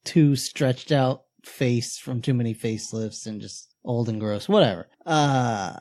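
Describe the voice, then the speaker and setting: A man's voice: medium pitch, measured pace, darkish tone. A man co-hosting a movie podcast, making sardonic asides in casual chat. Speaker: podcast co-host.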